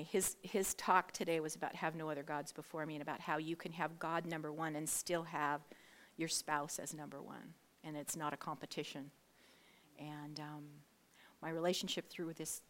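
Middle-aged woman, lower-pitched, giving a heartfelt, lively personal testimony. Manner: emotional, candid, animated storytelling with laughs. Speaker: guest speaker sharing her testimony.

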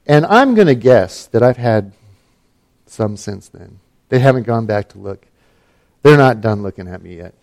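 A man's voice: medium pitch, sing-song, moderate pace, long pauses, darkish tone. A middle-aged man from Alaska telling a personal story in a casual, wry and self-mocking way, with plenty of fillers and restarts.

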